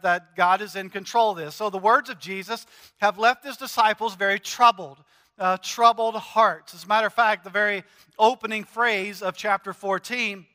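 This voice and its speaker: A middle-aged man preaching a sermon in a conversational, joking way, quickly paraphrasing scripture quotes. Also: high voice, pushed and bright, long reverb tail. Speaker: pastor. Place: large church hall.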